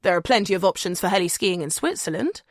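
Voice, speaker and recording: A woman's voice: fairly low pitch, expressive, fast, no room sound, studio quality. A woman voicing a cheerful man, a doctor who teases his friend in chummy banter. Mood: teasing.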